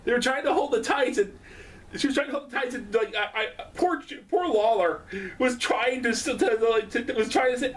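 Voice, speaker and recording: A man doing a rambling casual vlog at home, excitable and profane, laughing often. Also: very high-pitched, normal speed, recorded from a distance, a little hiss or hum. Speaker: vlogger.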